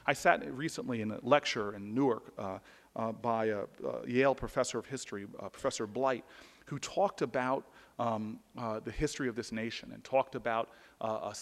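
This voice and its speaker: A man's voice: mid-range voice, long reverb tail. A man giving an earnest personal storytelling speech, often restarting and repeating words. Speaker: public speaker.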